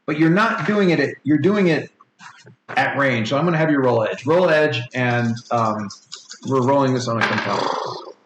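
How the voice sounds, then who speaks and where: A man in his forties running a tabletop game for his kids, rambling and playful, slipping into quick character voices. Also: mid-range voice, a bit bright. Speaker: game master. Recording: echoey home room with faint noise.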